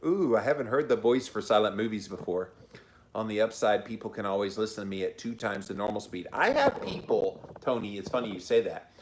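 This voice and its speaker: Middle-aged Southern male host, lowish voice, folksy and encouraging, unhurried delivery. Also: expressive, background noise. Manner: chatty, encouraging, folksy, slow-spoken. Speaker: podcast host reading viewer comments. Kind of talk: casual livestream chat.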